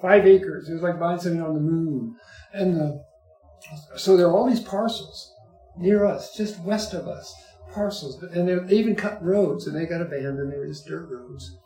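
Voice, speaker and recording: A man's voice: on the high side, normal speed, warm tone. Older man telling rambling, wry stories. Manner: rambling, wry, chuckling asides. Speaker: guest storyteller. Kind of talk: casual interview chat. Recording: echoey room, faint music.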